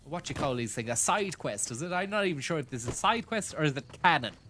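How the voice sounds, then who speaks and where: A man's voice: on the high side, expressive, fast talker, pushed and bright, slight background noise. A man hosting a casual gaming stream, joking, swearing and thanking viewers for tips. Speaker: streamer host.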